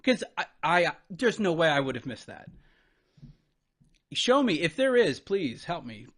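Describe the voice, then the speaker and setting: A man's voice: fairly high pitch, very animated, fairly bright tone. A man giving a profane, incredulous commentary as he reacts to a debate clip, swearing and venting in disbelief. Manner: exasperated, incredulous, swearing, talks over paused clips.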